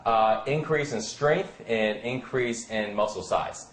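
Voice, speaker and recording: A man's voice: medium pitch, slow, a little hiss or hum. Man giving casual fitness advice. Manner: rambling, many fillers, acts out quoted friends. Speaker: fitness coach. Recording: echoey room.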